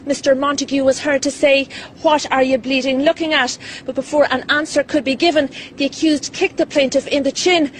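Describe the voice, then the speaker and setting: A woman with an Irish accent, reading a court report on air in an earnest, measured way outside a courthouse. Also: high voice, fairly even intonation, a little hiss or hum, rough recording. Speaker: news reporter.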